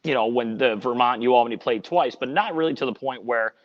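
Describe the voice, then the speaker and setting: A man's voice: mid-range voice, fairly quick. Earnest man rambling through a story. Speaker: sports radio reporter. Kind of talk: casual podcast storytelling. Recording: dull lo-fi audio with long reverb.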